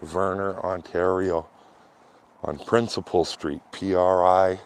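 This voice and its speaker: A man with a very low, deep voice rambles casually to his viewers as he walks outdoors along a quiet street. He talks in a loose, chatty way and sounds warm and a little sweaty from walking. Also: takes it slowly. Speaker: vlogger. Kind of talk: casual chat while walking.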